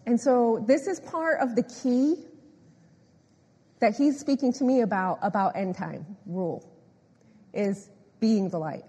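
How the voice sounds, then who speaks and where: A woman preaching a sermon, animated and emphatic, repeating phrases and often laughing. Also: fairly high pitch, measured pace, long pauses, husky. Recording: echoey hall with long reverb.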